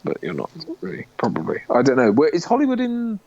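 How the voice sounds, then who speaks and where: A man's voice: fairly high pitch, wildly swooping pitch, fast talker, gravelly, a little mellow, dry recording, dull audio. A man co-hosting a casual livestream, chatty and wry, reading out donations and swearing now and then. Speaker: co-host.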